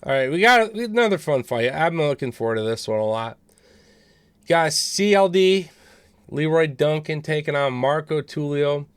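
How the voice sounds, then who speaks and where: A man's voice: a little high, animated, moderate pace, clean tone, no echo. A man co-hosting a podcast, giving casual, profane fight picks in a laid-back way. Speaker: podcast co-host.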